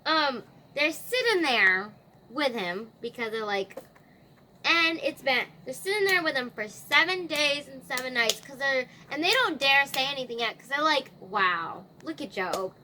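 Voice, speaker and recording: Chatty, high-voiced woman storyteller. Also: lively intonation, normal speed, bright, forceful tone, a little hiss or hum. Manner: chatty, slangy, filler-heavy. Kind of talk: casual retelling of a scripture story.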